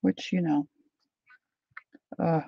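A woman hosting a casual live chat with her viewers, talking them through things as she unpacks and sometimes dropping to a soft whisper. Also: on the low side, fairly even intonation, extremely slow, vocal fry, husky, dry recording, highs cut off. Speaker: livestream host.

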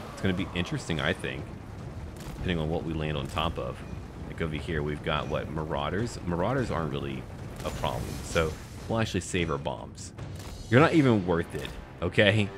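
With music playing underneath, a gaming YouTuber rumbles through playful, boastful commentary on his roleplay strategy campaign, taunting the enemy. His very low voice moves fairly quickly.

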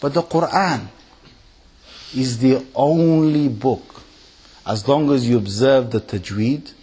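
A man giving a lively lecture to an audience in a mosque, chanting Arabic recitation and mimicking tunes with big pitch jumps. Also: slow pace, breathy edge. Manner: recites Quran in Arabic in varied melodies. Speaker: Islamic preacher.

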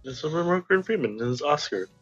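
A young man co-hosting a podcast, teasing with short quick remarks. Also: on the high side, animated, fairly bright tone, breathy edge, highs cut off, faint music behind. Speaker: podcast co-host. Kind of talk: casual chat.

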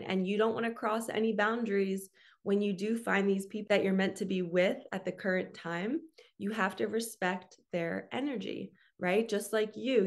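A middle-aged woman speaking as a spiritual coach in a casual, earnest talk to camera. She chats freely and keeps adding "okay?" and "right?". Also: mid-range voice. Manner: earnest, chatty, often adds "okay?" and "right?".

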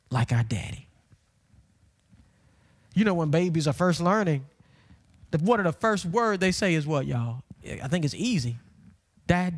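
Man, pastor, Southern country twang, high-pitched, sermon, builds to shouting, says y'all. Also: husky.

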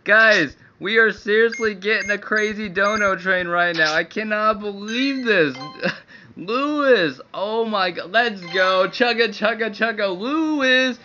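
A man's voice: high voice, slow pace, sharp tone. A young man livestreaming, crying and laughing as he thanks viewers for their support. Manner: overjoyed, laughing and tearful, breathless thanks. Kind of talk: excited livestream commentary. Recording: dull lo-fi stream audio with faint music.

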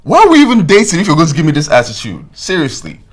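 An actor playing a pushy young boyfriend who moves between coaxing and indignance. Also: male voice, fairly high pitch, wildly swooping pitch, quick pace. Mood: annoyed. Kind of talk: film drama acting. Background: soft film score.

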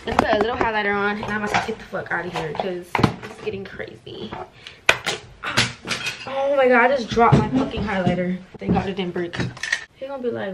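A woman's voice: medium pitch, fairly quick, very noisy. A young woman, vlogging casually and profanely to viewers while getting ready at home, self-mocking and frank. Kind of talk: get-ready-with-me vlog.

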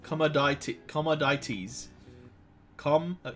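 A man's voice: fairly high pitch, sing-song, moderate pace, a bit bright, soft background music. A man in casual game commentary, chatty and jokey, often stumbling over words. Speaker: let's play streamer.

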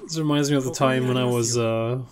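A man's voice: mid-range voice, fairly even intonation, brisk, a crowd in the background. A man with a stuffy nose, chatting casually and swearing lightly as he reacts to an anime episode, with the show's audio playing underneath.

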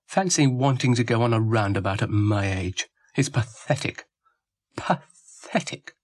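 A man's voice: lowish voice, moderate pace, no echo, studio quality, natural voice. A man voicing a grumpy, self-pitying male dog in a storybook recording, with a whiny, wheedling way of talking. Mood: sulky.

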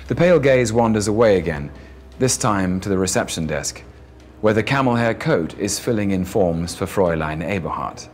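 A man narrating a novel in a measured storytelling voice. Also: low voice, soft background music. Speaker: audiobook narrator. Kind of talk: audiobook narration with character voices.

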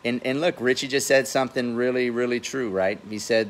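A man's voice: mid-range voice, moderate pace, hardly any pauses. A man in his forties giving blunt, profane business advice in a casual livestream talk, outdoors by his pool. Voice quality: says he has a funny accent. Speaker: real estate investor and host.

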